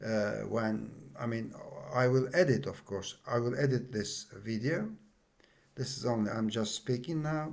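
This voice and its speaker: Turkish-accented guy teaching grammar, talks real slow, lots of uh and repeats, patient. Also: mid-range voice. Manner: slow, patient explaining with frequent fillers and repetitions. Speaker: language teacher. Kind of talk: spoken grammar lesson.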